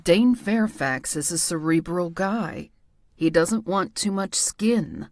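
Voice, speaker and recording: A woman narrator voicing a blunt, bossy man with a theatrical, cutting way of talking, a bit lower than her own voice. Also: lively intonation, takes it slowly, darkish tone, no room sound, studio quality. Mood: sassy, blunt. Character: blunt, sassy man, bossy fashion critic.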